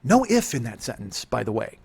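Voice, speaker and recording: A man's voice: mid-range voice, very animated, brisk, creaky, a little mellow, husky. A man in his forties hosting a comedy podcast, ranting in a rambling, profane way and laughing through his own bits. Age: 40s. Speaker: podcast host.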